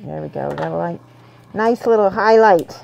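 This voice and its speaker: A woman's voice: fairly low pitch, normal speed, creaky, lo-fi sound. A woman chatting casually and rambling with frequent giggles while she paints miniatures for her viewers. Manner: chatty, rambling, giggly, soft when concentrating.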